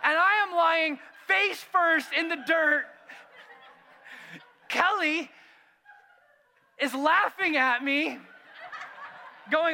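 Bright, high-voiced man preaching a lively sermon. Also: slow pace, gravelly, pauses often, slight background noise. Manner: animated storyteller, self-mocking, shifts between loud and hushed. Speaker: pastor. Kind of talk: sermon with a personal story.

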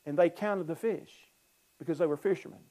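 Male preacher, mellow warm voice, fairly high, animated sermon delivery with conversational scripture commentary. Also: fairly quick. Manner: animated preaching, swings from loud emphasis to low asides; reads scripture aloud and explains it conversationally. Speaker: pastor.

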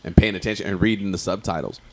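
A man's voice: sits low, quick pace. A man chatting casually as a host, rambling and profane, with many restarts and fillers. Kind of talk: casual chat.

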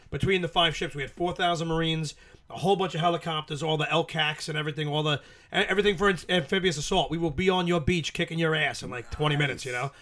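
A man's voice: a little high, fairly bright tone. A man in his late forties, a podcast guest, telling profane, rambling war stories with lots of laughter. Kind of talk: casual storytelling.

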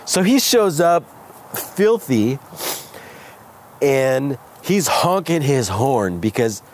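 A man from California, a guest entrepreneur, candidly telling his story with animated retellings of what people said. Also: mid-range voice, slow, pauses often, slight background noise. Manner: animated, acts out quoted voices. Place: outdoors by a smoky fire.

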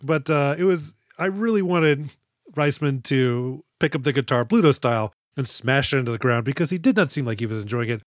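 A man's voice: mid-range voice, lively intonation, a little fast, no echo, clean studio sound. A man co-hosting a casual movie podcast, joking and acting out lines from films. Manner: jokey, acts out movie lines in quoted voices. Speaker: podcast co-host.

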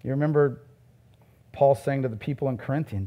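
A middle-aged male pastor preaching a sermon in a conversational way, with loud emphatic peaks and soft asides. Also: fairly high pitch, wildly swooping pitch, moderate pace.

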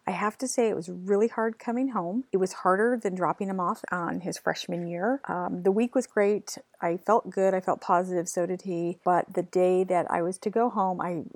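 Woman in her forties, solo podcast host, candid and conversational, low-pitched, dry sound. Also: steady tone, moderate pace, few pauses, dry recording. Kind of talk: personal podcast monologue.

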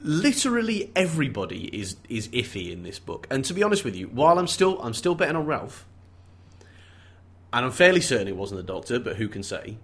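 A man's voice: medium pitch, sing-song, brisk, a bit bright, breathy edge. A man co-hosting a casual book chat, wry and joking with playful sarcasm. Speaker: podcast co-host. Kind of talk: casual chat about a mystery novel.

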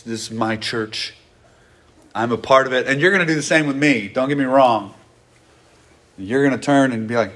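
A man preaching a sermon to his congregation, earnest and conversational, often acting out what people say. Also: mid-range voice. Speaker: pastor.

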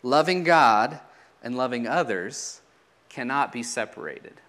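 A man's voice: mid-range voice, lively intonation, unhurried, a bit bright. A man preaching a sermon in a teaching manner, asking rhetorical questions and letting his voice drop at the ends of phrases.

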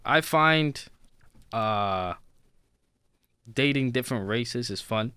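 A man's voice: mid-range voice, expressive, slow, bright, forceful tone, smooth, dry recording. Laid-back, teasing man. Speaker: podcast co-host. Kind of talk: casual chat.

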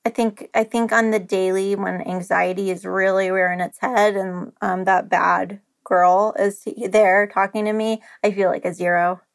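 A woman's voice: mid-range voice, little pitch movement, moderate pace, vocal fry, hardly any pauses. A woman talking candidly as a podcast guest, open and emotional, rambling with restarts and the odd curse. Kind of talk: candid casual chat.

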